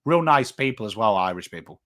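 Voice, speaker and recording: A man's voice: fairly low pitch, lively intonation, a little fast, fairly bright tone. A man in his thirties with a northern English accent, hosting a live footy watchalong and chatting casually with viewers. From England. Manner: chatty, rambling, swears casually, reads chat names. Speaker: watchalong host. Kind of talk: casual live-stream chat.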